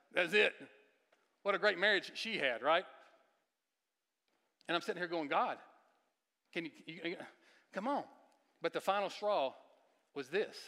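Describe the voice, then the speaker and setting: Emphatic male preacher in a reverberant hall. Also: a little high. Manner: emphatic, rising to near-shouts then dropping to hushed, confessional tones; repeats words and restarts, asks the audience questions. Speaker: guest preacher. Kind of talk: sermon. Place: church sanctuary. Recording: long reverb of a large church hall.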